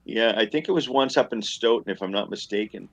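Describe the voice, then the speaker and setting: A man reminiscing at home in his recliner, talking haltingly with many fillers, heard over a dull lo-fi remote line. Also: fairly low pitch, vocal fry, a bit bright, dry recording. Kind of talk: casual chat, reminiscing.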